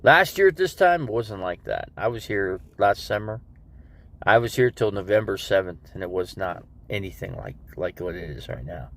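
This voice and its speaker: A man with a lowish voice chats loosely to his live-stream viewers, wandering from one thing to the next. His nose is stuffed up and he coughs now and then, and he keeps the easy, unhurried tone of someone talking from his RV. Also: lively intonation, a bit bright. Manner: rambling, talks to his viewers. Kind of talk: casual live-stream chat. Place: living in an RV.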